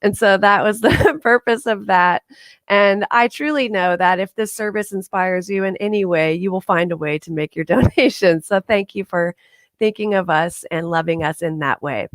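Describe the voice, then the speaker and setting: A chatty woman minister welcomes listeners to a live-streamed service, laughing often and restarting her sentences. Her voice sits at a middle pitch, recorded dry and close. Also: normal speed, no room sound. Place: home condo.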